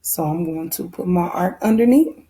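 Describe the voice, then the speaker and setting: A woman's voice: lowish voice, expressive, moderate pace, mellow. A woman first grade teacher with a Southern American accent, patiently walking young children through a phonics lesson and repeating her instructions.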